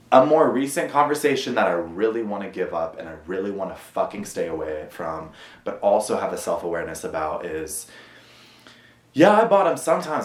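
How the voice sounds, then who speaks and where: A man talks straight to his camera at home in a candid, confessional monologue, earnest and hard on himself, with frequent swearing. His voice sits a little low, and the room gives it a noticeable echo. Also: animated, fairly quick. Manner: earnest and self-critical, swearing often. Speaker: vlogger.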